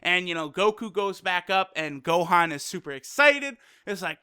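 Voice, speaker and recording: A man reviews an anime episode with casual, animated energy. His voice is bright and smooth. The recording is dry and close. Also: sits high, normal speed, hardly any pauses, no room sound. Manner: energetic, animated retelling with quoted lines.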